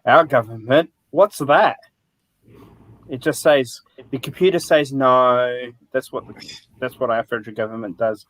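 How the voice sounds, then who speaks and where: A man's voice: medium pitch, normal speed, pauses often, rough recording. A man from South Australia with an Australian accent, co-hosting a casual livestream chat and bantering jokingly. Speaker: co-host.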